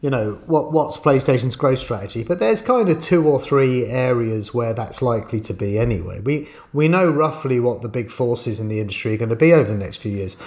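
A man's voice: medium pitch, lively intonation, brisk, few pauses, a little mellow. Musing man thinking aloud on a podcast. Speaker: games journalist podcast co-host. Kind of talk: casual podcast discussion.

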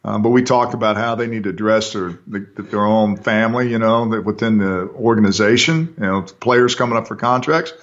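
A man's voice: on the low side, fairly quick, few pauses, fairly bright tone. A man co-hosting a casual sports talk show, easygoing and thinking aloud as he talks. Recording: dull lo-fi sound.

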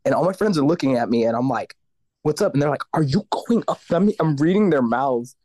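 A man's voice: on the high side, lively intonation, brisk, a little mellow, no room sound. A man, a guest vocalist in a casual interview, telling stories animatedly, acting out the voices of others and swearing casually.

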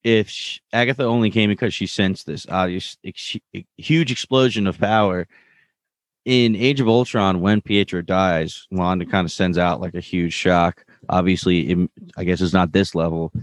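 A man's voice: low-pitched, fairly even intonation, normal speed, dry recording, clean studio sound. A man co-hosting a casual podcast, chatty as he recaps a TV episode and acts out quoted lines. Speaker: podcast co-host.

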